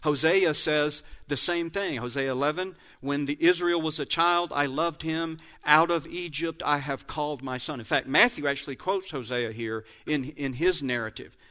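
A man's voice: a little high, normal speed, hardly any pauses, sharp tone. A man giving a Bible lesson who reads verses aloud, then explains how they compare, now and then correcting himself mid-reading. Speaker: Bible teacher. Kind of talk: Bible teaching with scripture readings.

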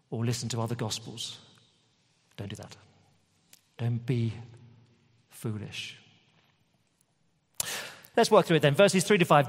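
A man preaching a sermon in a conversational, emphatic way with lots of repetition. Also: medium pitch. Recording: long hall reverb.

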